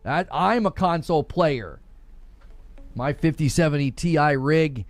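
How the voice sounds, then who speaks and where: A man's voice: on the high side, lively intonation, unhurried, no room sound, faint music behind. A man ranting on a live stream in a played clip, exasperated and complaining about his critics. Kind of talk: casual live-stream rant.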